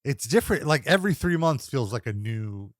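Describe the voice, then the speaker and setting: A man's voice: mid-range voice, fairly quick, no echo, studio quality. A young man co-hosting a casual wrestling review podcast, recapping matches with frequent laughs and playful impressions. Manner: lively recapper, laughs often, mimics wrestlers and announcers. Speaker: co-host reviewing wrestling episodes.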